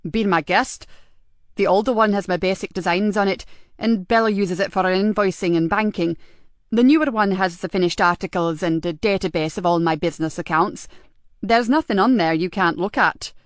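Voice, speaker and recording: Narradora haciendo de hombre despistado y tranquilo, voz llana, dry. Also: female voice, mid-range voice, moderate pace, no room sound, lightly acted. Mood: calm. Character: absent-minded middle-aged male web designer.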